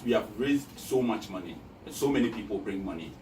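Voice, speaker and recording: A man from Ghana speaks in a lowish voice, pressing his points with emphatic repetition. He sounds distant in a reverberant room. Steady background noise sits under the voice. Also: brisk. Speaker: guest. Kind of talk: casual interview talk. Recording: echoey room, distant mic, noisy.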